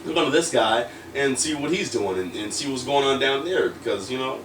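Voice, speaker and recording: This male wrestler guest speaks in a mid-range, expressive voice at a brisk clip, meandering through an anecdote in a relaxed interview, using plenty of fillers and performing the dialogue. The audio sounds distant and echoey, with a bit of faint noise.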